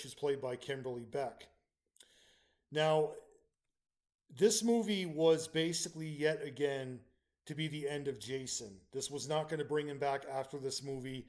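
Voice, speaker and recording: A man's voice: mid-range voice, darkish tone. A man hosting his own channel, giving a casual spoken film review with frequent ums and restarts. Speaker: channel host reviewing films.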